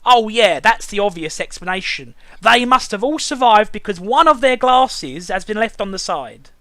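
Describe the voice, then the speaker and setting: A man's voice: high voice, animated, normal speed, a bit bright, no room sound. A man hosting a casual review chat, ranting sarcastically and swearing often. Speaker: show reviewer and host.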